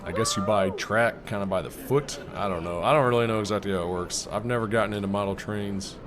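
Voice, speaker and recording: A man narrating his own vlog in a casual, rambling way, thinking out loud with fillers and little chuckles. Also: on the low side, quick pace, noisy background. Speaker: vlogger. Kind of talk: casual voice-over commentary.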